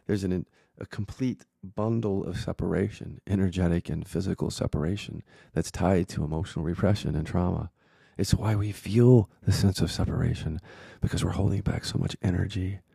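A man with a very dark, husky voice tells his own story as a spiritual teacher. He is candid and reflective, and he swears freely. His low, gravelly tone is recorded dry, with no room sound. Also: no echo. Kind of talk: personal storytelling monologue.

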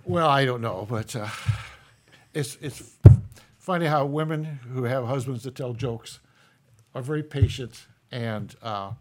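A podcast co-host tells jokes casually, folksy and easygoing, chuckling between them. His voice is medium in pitch and a little slow.

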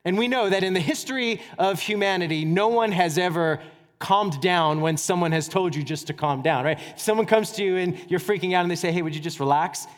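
A man pastor preaching a sermon in a conversational, animated way, with casual asides. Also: high-pitched, a little fast. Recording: church hall reverb.

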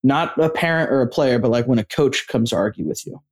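A man's voice: mid-range voice, fairly quick. A man co-hosting a casual sports podcast. He tells stories with plenty of energy, acting out what others said and swearing freely along the way. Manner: animated storyteller, acts out quotes, swears freely. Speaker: podcast co-host.

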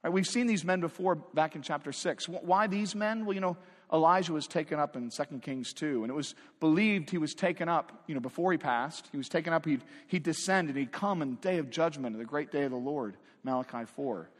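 A man with a high-pitched voice preaches a sermon in a conversational, emphatic way, tossing out rhetorical questions. His voice rings with a long reverb as it fills a large church sanctuary. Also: fairly quick. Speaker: pastor.

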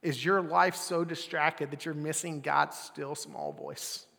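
A young adult man preaching a casual sermon as pastor, swinging between loud bursts and near-whispers. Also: fairly high pitch, a little slow, vocal fry, long reverb tail.

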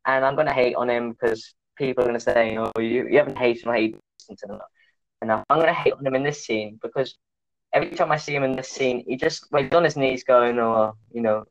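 A young man co-hosting a podcast, teasing and animated, slipping into silly voices. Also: medium pitch, fast talker, no echo, dull audio. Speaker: podcast co-host. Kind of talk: casual banter.

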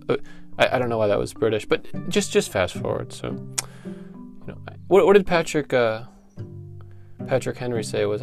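A man's voice: mid-range voice, big pitch swings, fairly quick, gravelly, long pauses, soft background music. A man hosting a comedic podcast, rambling and stammering through his words, repeating himself as he goes. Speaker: podcast host.

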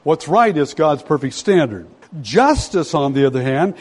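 Emphatic preacher in a reverberant hall. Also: male voice, a little high, big pitch swings, measured pace, darkish tone, slightly rough. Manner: emphatic preaching with rhetorical questions to the congregation. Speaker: pastor. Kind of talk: sermon.

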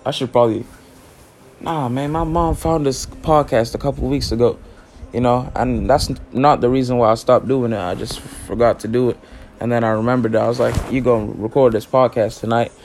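A man's voice: medium pitch, fairly even intonation, brisk, darkish tone, a little hiss or hum. A teenage boy hosting a casual solo podcast, rambling and joking in heavy slang with lots of cussing. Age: late teens. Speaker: podcast host.

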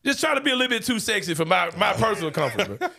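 A young man hosting a sports podcast, talking in a loose, joking, slang-heavy way with loud bursts of laughter. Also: sits high, big pitch swings, racing, vocal fry. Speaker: podcast host. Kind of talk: casual sports talk.

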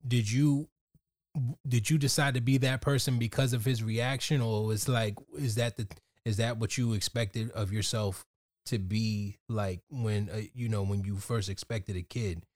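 A man co-hosting a podcast, chiming in with quick, joking follow-up questions in casual chat. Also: mid-range voice, steady tone, a little mellow, no room sound. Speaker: podcast co-host.

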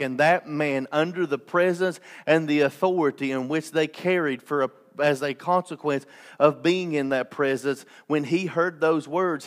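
A man's voice: a little high, moderate pace. A man preaching a sermon as pastor, impassioned, with restarts and joking asides.

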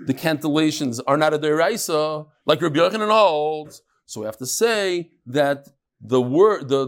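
A man teaching a casual study-group class, chanting lines and then explaining them with restarts and joking asides. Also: on the high side. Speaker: Talmud teacher.

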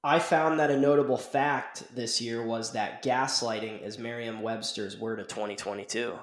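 A man's voice: mid-range voice, fairly even intonation, moderate pace. Rambling young man in an echoey room. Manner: rambling, laid-back, full of "like" and "dude". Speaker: podcast host. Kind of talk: casual chat. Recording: roomy echo.

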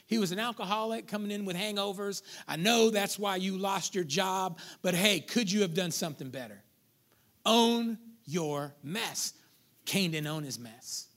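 A man preaching a sermon as pastor, swinging between loud peaks and hushed drops and acting out quoted voices in conversational asides. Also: high voice.

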